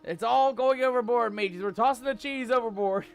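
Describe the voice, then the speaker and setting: A man streaming a game live, joking in mock pirate talk, reading the game's text aloud and shouting out in surprise. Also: extremely high pitch, a little slow, gravelly, long pauses, soft background music. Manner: laughs often, exclaims loudly.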